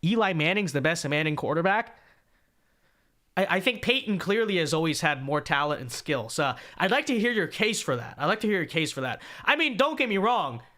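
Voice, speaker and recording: A man hosting a political commentary livestream, reading viewer donations aloud and reacting in an animated way, often repeating his first words. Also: a little high, brisk. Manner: animated, repeats words when starting sentences. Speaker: show host.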